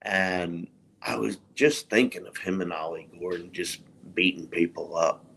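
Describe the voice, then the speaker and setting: Slow bright-voiced sports fan co-host. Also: male voice, sits low, gravelly. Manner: slow, emphatic fan opinions. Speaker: podcast co-host. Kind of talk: casual sports chat. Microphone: live stream microphone.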